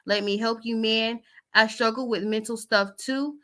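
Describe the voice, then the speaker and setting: A woman's voice: a little high, steady tone, unhurried, bright, forceful tone. A woman chatting casually as host, reading out text messages with loose asides.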